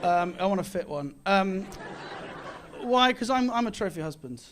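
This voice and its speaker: A man's voice: high voice, lively intonation, moderate pace, a bit bright, some chatter behind, a little hiss or hum. A British man performing a stand-up comedy set in a club, with boastful mock bravado and self-mocking delivery. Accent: British English. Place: comedy club, live audience. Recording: live club with audience laughter.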